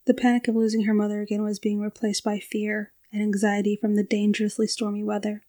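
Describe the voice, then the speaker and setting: Brief: woman storyteller, flat steady delivery, mellow darker tone, reads prose narration. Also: mid-range voice, fast.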